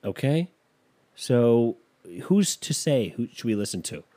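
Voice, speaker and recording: Animated rambling man telling stories. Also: medium pitch, unhurried. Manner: animated, self-deprecating, loses his thread. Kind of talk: rambling casual storytelling.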